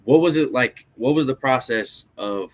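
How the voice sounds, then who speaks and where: A man's voice: medium pitch, normal speed. A man hosting a podcast, chatting casually with his guest and reacting in a laid-back, slangy way. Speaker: podcast host. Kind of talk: casual interview chat.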